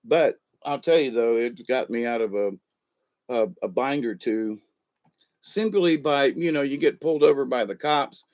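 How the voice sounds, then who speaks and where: A man's voice: medium pitch, moderate pace, darkish tone, highs cut off. A man, chuckling as he tells a rambling personal story full of ums and uhs. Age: 60s. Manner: rambling, chuckling, with many fillers.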